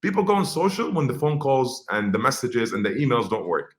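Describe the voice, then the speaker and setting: A man's voice: medium pitch, sing-song, fairly quick. A man from Egypt speaking in a business webinar, conversational, with frequent fillers and restarts. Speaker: webinar speaker on social media marketing.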